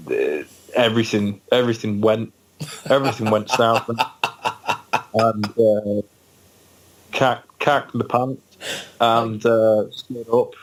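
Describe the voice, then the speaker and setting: A man from England sits in as a guest on a casual podcast and tells a long story. He rambles and halts, trips over his words and starts sentences again and again. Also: fairly low pitch. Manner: rambling, halting, many fillers and restarts. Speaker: band member guest.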